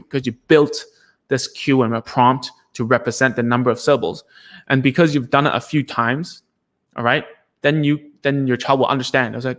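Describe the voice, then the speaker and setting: A man's voice: mid-range voice, fairly bright tone. A man, a speech therapist, teaching in a casual live session, chatty and self-deprecating with many fillers and restarts.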